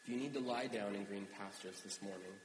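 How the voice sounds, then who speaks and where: A man preaching a sermon as a pastor, conversational and animated when he tells a story. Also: lowish voice, a little fast. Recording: echoey hall with hum.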